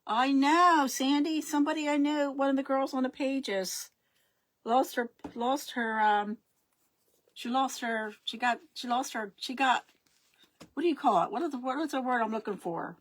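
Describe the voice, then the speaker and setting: Chatty woman with a higher voice. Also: normal speed. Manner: rambling, chatty, loses her words. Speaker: craft live-streamer. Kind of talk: casual live craft stream chat.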